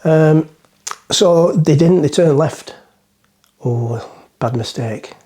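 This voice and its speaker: Middle-aged bloke rambling on about a joke, mellow slightly high voice, talks to camera outdoors on a boat. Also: male voice, slow. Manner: rambling, self-mocking, chatty. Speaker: vlogger. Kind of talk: casual chat to camera, joke-telling.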